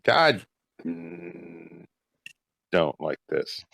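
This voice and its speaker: A man playing a character in a tabletop game, talking in a hesitant, soft way with lots of fillers, heard through a muffled microphone. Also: low-pitched, sing-song, very slow, creaky, dry recording. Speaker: player. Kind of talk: casual tabletop play. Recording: muffled mic with audio issues.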